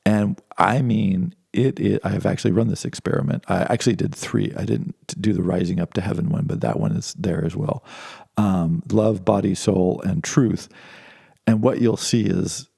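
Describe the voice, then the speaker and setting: A man's voice: fairly low pitch, normal speed, creaky, dark tone, slightly rough, dry recording, clean studio sound. A man giving an informal philosophy lecture, talking conversationally with many restarts and asides.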